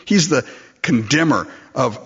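A man preaching a sermon, animated and acting out the voices in the story. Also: mid-range voice, unhurried, breathy edge. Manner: animated, acts out voices in quotes. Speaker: pastor. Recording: dull lo-fi recording.

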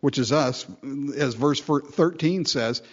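A man's voice: a little high, takes it slowly, dull audio. A man preaching an earnest expository sermon, speaking directly to his listeners and reading scripture aloud. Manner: earnest, drawing listeners in with asides; reads scripture in King James wording. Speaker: pastor.

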